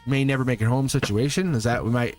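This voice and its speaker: Chatty laughing tarot livestream host. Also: male voice, medium pitch, fairly quick, darkish tone, soft background music. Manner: chatty, laughs often, repeats himself. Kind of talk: live tarot reading chat.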